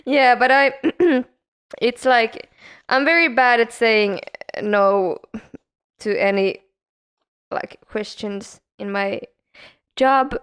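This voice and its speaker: A woman's voice: fairly high pitch, takes it slowly, pauses often, a bit bright, clear, resonant tone. A woman co-hosting a casual hospitality podcast, chatting about her front desk job with frequent giggles. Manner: giggly, self-deprecating, lots of laughter. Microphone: podcast microphone.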